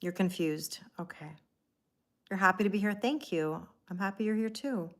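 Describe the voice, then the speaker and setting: Woman doing a live tarot reading, rambly and chatty, lots of "like", mid pitched voice. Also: normal speed. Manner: chatty and rambling, greets viewers by name; heavy use of "like" and restarts. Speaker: tarot reader. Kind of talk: casual livestream tarot reading.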